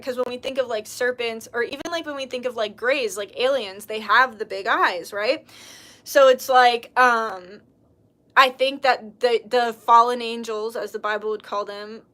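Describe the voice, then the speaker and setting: A woman talking in a casual, rambling livestream chat as a spiritual channeler, full of fillers and excited exclamations. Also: on the high side.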